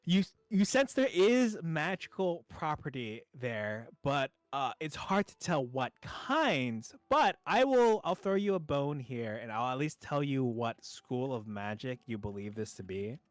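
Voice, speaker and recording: A man's voice: mid-range voice, sing-song, a little slow, few pauses, dry recording. A man running a tabletop game as game master, upbeat and full of fillers.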